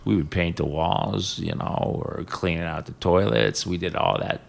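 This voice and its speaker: An older man from Ohio, a business executive as guest, telling stories about his family in a halting, reflective way with fillers. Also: low-pitched, creaky. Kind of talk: casual interview conversation.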